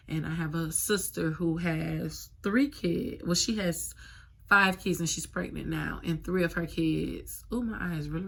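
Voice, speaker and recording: A woman in her thirties tells a personal story straight into her phone at home, rambling and full of fillers, her feelings close to the surface. Her voice sits low and has a gravelly edge. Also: a bit bright. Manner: casual, emotional storytelling with many fillers. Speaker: vlogger.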